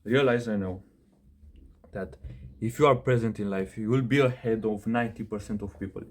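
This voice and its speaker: A man's voice: on the low side, moderate pace. Blunt young man ranting about self-improvement. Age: young adult. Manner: blunt, swears, keeps saying bro; non-native phrasing, self-corrects mid-sentence. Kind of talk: casual direct-to-camera advice rant.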